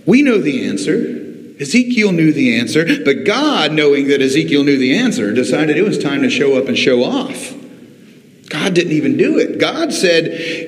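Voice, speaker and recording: Pastor guy preaching in a church, echoey sanctuary sound, lots of dramatic build and pauses. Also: fairly high pitch, sing-song. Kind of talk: sermon.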